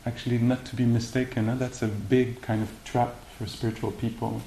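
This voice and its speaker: A man giving a meditation talk and answering questions, speaking haltingly with many fillers and restarts. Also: medium pitch, flat delivery, dark tone. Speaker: meditation teacher. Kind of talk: dharma talk and Q&A. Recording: echoey room with faint hiss.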